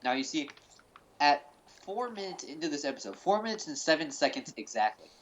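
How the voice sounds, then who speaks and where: A man's voice: fairly high pitch, big pitch swings, a little fast, a bit bright, lo-fi sound, slight background noise. A man hosting a mock-serious fan-theory presentation over a call. He rambles, with lots of fillers and restarts. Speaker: host. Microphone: call recording.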